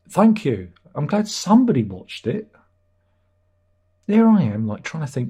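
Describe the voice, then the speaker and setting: Guy rambling on his livestream, putting himself down, low-key mellow tone. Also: big pitch swings, measured pace, breathy edge. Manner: rambling, self-deprecating. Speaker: livestream host. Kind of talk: casual rambling chat.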